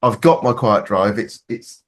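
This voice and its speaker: A Scottish man with a low, husky voice chats with friends on a hobby podcast. He talks freely, restarts his sentences often and swears without a second thought. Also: unhurried. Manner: chatty, swears casually, frequent restarts. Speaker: podcast co-host. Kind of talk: casual chat.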